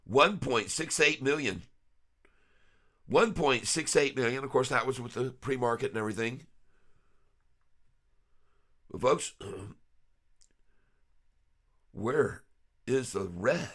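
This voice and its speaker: A man giving live stock market commentary, excitable and laughing often, breaking into rhyming hype riffs. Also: medium pitch, measured pace, long pauses. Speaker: stock trading vlogger.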